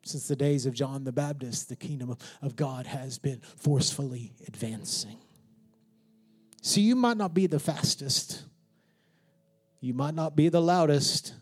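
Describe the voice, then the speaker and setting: Energetic pastor preaching with humor. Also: male voice, mid-range voice, a little slow. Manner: humorous, swings from hushed whispers to shouts. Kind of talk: sermon.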